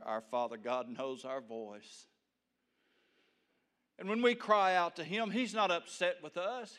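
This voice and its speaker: Preaching in a folksy, down-home style, this middle-aged male pastor shifts between quiet, low asides and loud, emphatic moments.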